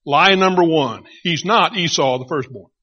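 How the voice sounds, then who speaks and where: A middle-aged male pastor delivers a sermon in a chatty, storytelling manner. His voice is bright and somewhat high with a husky grain. The recording sounds dull and lo-fi. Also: moderate pace. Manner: conversational storytelling, animated retelling.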